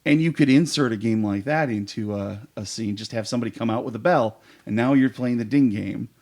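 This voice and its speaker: Gravelly guy rambling on eagerly in a podcast chat about improv, lots of ums. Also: medium pitch, a little fast, darkish tone. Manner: eager, rambling storyteller with fillers. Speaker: improv performer guest.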